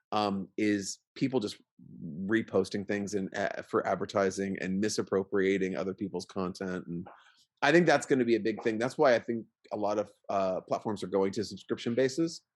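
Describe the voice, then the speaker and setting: A man co-hosting a podcast in casual chat, rambling with lots of fillers and restarts. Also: fairly low pitch. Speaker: podcast co-host.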